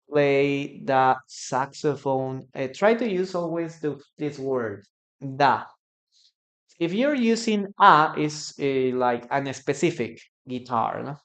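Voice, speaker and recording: A man with a Peruvian Spanish accent, a native Spanish speaker, runs a live English lesson online. He speaks at an unhurried, deliberate pace and repeats each phrase for his students, reacting to their comments as they come in. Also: fairly high pitch. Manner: repeats phrases slowly for practice, answers viewers' comments. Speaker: English teacher.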